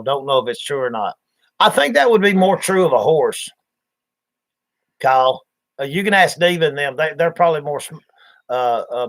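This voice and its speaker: A man with a medium-pitched, slightly bright voice hosts a livestream, telling loose, folksy stories and putting on voices for the characters.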